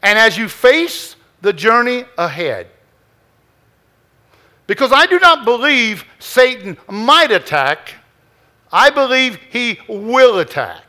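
High, bright-voiced male preacher. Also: big pitch swings, slow pace. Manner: emphatic, repetitive preaching cadence. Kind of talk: sermon.

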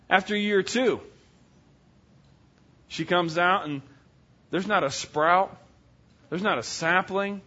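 A man preaching a sermon, telling a folksy story in an animated way and voicing its characters. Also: high voice, slow, pauses often. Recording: dull lo-fi sound.

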